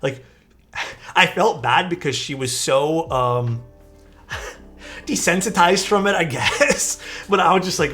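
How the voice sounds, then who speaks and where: A man's voice: a little high, animated, slow pace, a bit bright. A young man streaming from his desk, telling a rambling story in a casual way, with lots of "like" and some swearing. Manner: rambling and chatty, peppered with "like" and swearing. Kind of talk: casual storytelling while building a keyboard on a live stream. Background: faint background music.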